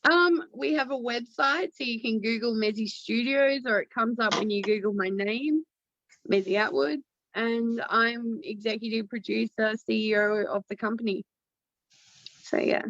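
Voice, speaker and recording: A woman's voice: fairly high pitch, moderate pace, a bit bright, no room sound, highs cut off. A woman with an Australian accent, a guest actress and producer telling stories in casual podcast chat. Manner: chatty storyteller, uses casual slang.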